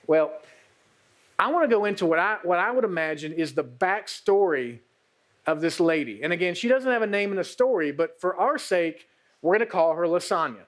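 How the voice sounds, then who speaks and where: A male pastor preaching a sermon, telling a story in an animated way and speaking directly to the women. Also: high-pitched, moderate pace.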